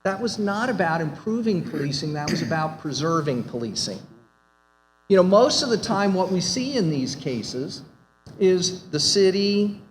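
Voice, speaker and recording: Man panelist, higher-pitched, emphatic rhetorical delivery, reverberant hall with faint noise. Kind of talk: academic panel talk. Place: conference hall.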